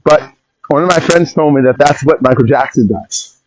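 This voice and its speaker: A man hosting a podcast in a casual rambling monologue, opinionated and quick to jump off on tangents and interrupt himself. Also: mid-range voice, a little hiss or hum, rough recording. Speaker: podcast host.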